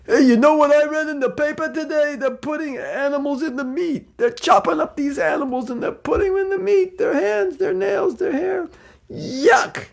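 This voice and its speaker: A man putting on a loud male devotee with a thick New York accent, complaining in exaggerated disgust. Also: extremely high pitch, moderate pace, vocal fry, voice pushed up. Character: loud brash male devotee in checkout line.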